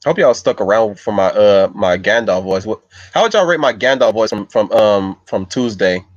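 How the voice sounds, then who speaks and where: A man with a fairly low voice hosts a casual livestream and thinks aloud as he responds to his chat. He wanders from point to point in a loose, unscripted way. The sound is dry and a little dull, like a basic home mic. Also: expressive, normal speed, no room sound. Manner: loose, meandering, thinks aloud while answering viewers. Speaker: livestream host reading chat.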